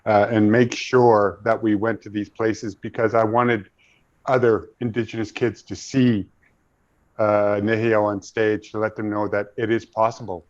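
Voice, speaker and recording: A man's voice: lowish voice, little pitch movement, unhurried, dull audio. A middle-aged man, an actor, talking thoughtfully in a panel interview, telling stories with frequent restarts.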